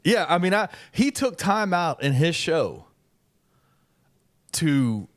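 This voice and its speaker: A man's voice: on the high side, big pitch swings, slow pace, dry recording, studio quality. A man co-hosting a casual sports chat, teasing with playful mock seriousness. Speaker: co-host.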